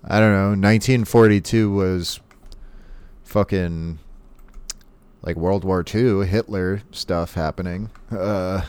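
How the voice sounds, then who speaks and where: A man chatting casually as a podcast co-host, recapping a cartoon episode and acting out the characters' lines in quick voices. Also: low-pitched, fairly even intonation, a little mellow, smooth.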